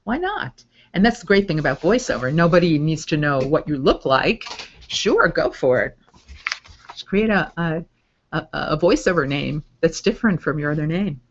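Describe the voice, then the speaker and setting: A woman's voice: sits low, animated, normal speed. A middle-aged woman coaching voice over students, chatting casually and upbeat while answering viewer questions. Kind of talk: live Q&A webinar. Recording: dull lo-fi audio.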